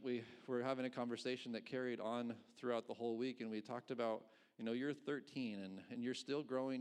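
A middle-aged pastor preaching in an easy, conversational way. He tosses out rhetorical questions and gives small chuckles between his points. His voice sits at an ordinary middle pitch for a man. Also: darkish tone. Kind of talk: sermon.

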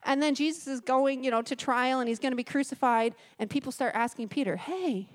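A woman's voice: sits high, steady tone, quick pace. Chatty woman preaching a sermon. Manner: chatty, with joking asides while reading scripture. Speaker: guest speaker at a church service. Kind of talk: conversational sermon with scripture reading. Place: church service.

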